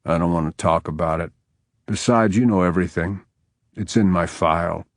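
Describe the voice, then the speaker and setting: A male audiobook narrator voicing a surly, guarded widowed lawman in a curt, gruff way. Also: low voice, moderate pace, dry recording, studio quality.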